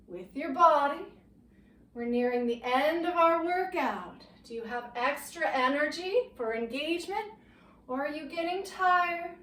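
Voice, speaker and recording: A woman leading a low-impact workout, giving gentle, encouraging cues and getting winded from the exercise. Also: echoey room, recorded from a distance, rough recording. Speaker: fitness instructor. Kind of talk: guided workout instruction.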